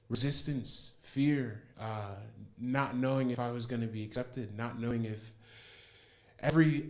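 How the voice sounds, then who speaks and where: A man's voice: mid-range voice, a little mellow. A young man giving a personal testimony about a spiritual program, earnest and heartfelt, often restarting his sentences.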